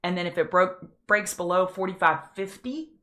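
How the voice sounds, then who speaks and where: Going over charts on a live trading prep show, this market analyst host chats freely and gets emotional easily, quick to tear up. Her voice sits on the low side with a fairly bright tone.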